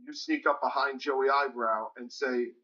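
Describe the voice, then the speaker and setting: A man in energetic prank show banter, laughing and giving directions, in slightly muffled TV audio. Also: medium pitch, measured pace.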